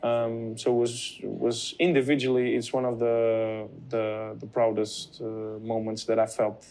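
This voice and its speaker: A man, a professional footballer, answering interview questions in a measured, hesitant way with frequent restarts. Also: medium pitch, monotone, darkish tone.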